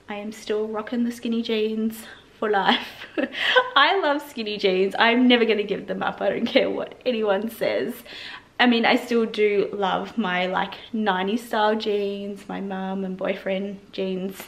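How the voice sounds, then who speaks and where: A woman's voice: medium pitch, creaky. A woman chatting casually to camera in a lifestyle vlog, bubbly and talkative. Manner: bubbly, chatty, coos baby talk to her dog. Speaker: vlogger.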